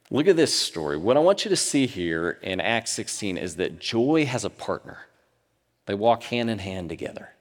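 A man preaching a sermon, swinging from loud bursts to hushed near-whispers, recorded in a reverberant church sanctuary. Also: mid-range voice. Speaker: pastor.

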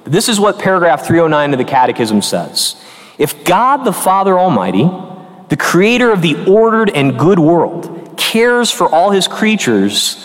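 A man's voice: high voice, sing-song, moderate pace. A man in his early forties, a Catholic priest, preaching a conversational and earnest sermon with emphatic turns. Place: church. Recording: long church reverb.

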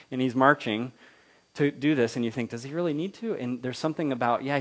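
A man preaching a conversational sermon as pastor, casual and rambling, with frequent restarts. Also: medium pitch.

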